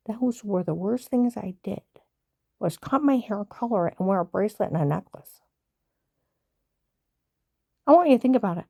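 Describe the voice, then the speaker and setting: A woman's voice: a little high, darkish tone, dry recording, clean studio sound. A woman delivering an agitated, rambling personal monologue, indignant and aggrieved.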